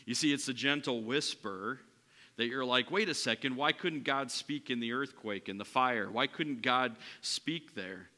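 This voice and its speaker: A male pastor delivers a sermon in a large church hall. His voice is sharp and very bright, and it trails off into a long reverb. He moves between raised, emphatic lines and quiet, hushed ones. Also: mid-range voice, a little slow. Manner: swings from loud preaching to hushed, soft delivery.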